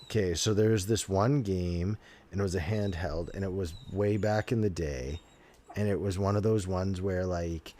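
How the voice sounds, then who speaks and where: A man's voice: sits low, normal speed, dark tone, a little hiss or hum. A young man with a rambling storytelling manner, chatting on a casual podcast. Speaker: podcast co-host.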